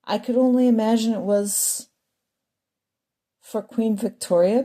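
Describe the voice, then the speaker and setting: A woman talking in a rambling, digressive monologue with dry asides, clearing a frog from her throat now and then. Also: a little high, a little slow, dark tone. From part Irish, part English ancestry. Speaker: spiritual talk host.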